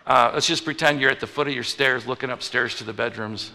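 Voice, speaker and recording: A male pastor preaching a conversational sermon, moving from loud emphatic lines to hushed ones. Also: mid-range voice, fairly quick. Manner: conversational, animated, swings between loud and hushed. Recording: reverberant hall.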